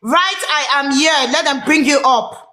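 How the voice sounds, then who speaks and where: Woman, Nigerian accent, high and bright voice, flustered, pleading, echoey room. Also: a little slow. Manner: pleading, flustered, code-switching. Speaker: live-stream host. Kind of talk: casual live-stream hosting.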